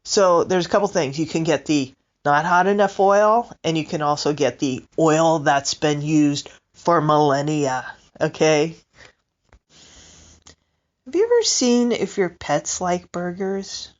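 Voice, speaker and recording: Female comic, low voice, lively swings, rambling question-asking monologue, muffled lo-fi sound. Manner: rambling, animated, asks the audience questions. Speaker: stand-up comedian.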